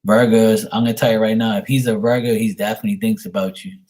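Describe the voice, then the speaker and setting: This stream host, a man in his forties, has a lowish, darkish voice with fairly even intonation and talks fast. Fielding paid questions in a casual chat, he wanders through profane, rambling stories.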